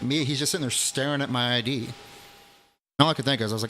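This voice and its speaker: A man's voice: mid-range voice, rapid-fire, sharp tone, a little hiss or hum. Profane man telling casual stories. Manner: profane, blunt, laughs at own jokes. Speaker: storyteller. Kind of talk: casual storytelling.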